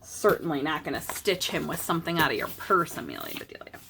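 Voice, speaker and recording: A woman voicing an impatient male doctor in a storybook read-aloud, brisk and exasperated. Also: low-pitched, huge pitch swings, vocal fry, fairly bright tone, slight background noise, voice pushed down, full character voice. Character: impatient grown man doctor.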